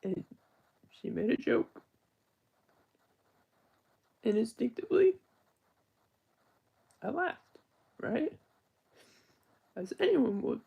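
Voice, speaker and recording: Young male streamer, very gravelly and husky, earnest and rambling in an unscripted live-stream talk. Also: very high voice, sing-song, slow pace, pauses often, lo-fi sound. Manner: earnest, rambling, self-correcting.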